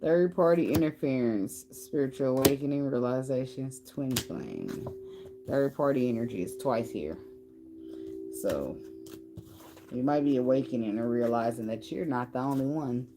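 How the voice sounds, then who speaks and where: Very low-voiced woman reading tarot cards. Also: lively intonation, moderate pace, music in the background, low-quality recording. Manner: loose, blunt, swears casually, thinks aloud. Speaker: tarot reader. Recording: card shuffling and clicks behind the voice. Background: cards shuffling, clicks.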